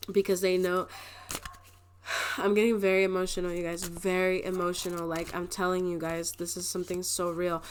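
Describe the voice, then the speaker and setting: A tarot reader with a fairly low voice speaks over slight background noise. Her casual card reading for viewers is rambling and emotional, with frequent laughter and plenty of "like" as filler.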